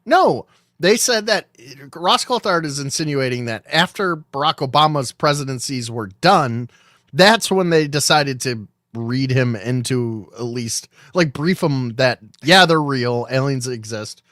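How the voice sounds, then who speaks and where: A man's voice: mid-range voice, lively intonation, a little slow, a bit bright, dry recording, studio quality. A man hosting a casual podcast, musing aloud about news in a conversational, trailing way. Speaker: podcast host.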